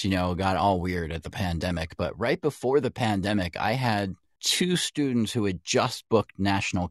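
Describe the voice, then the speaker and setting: Low-voiced man coaching, dry sound. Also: no echo. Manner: explains with many restarts and self-corrections. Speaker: podcast guest, voice coach. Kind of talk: casual chat.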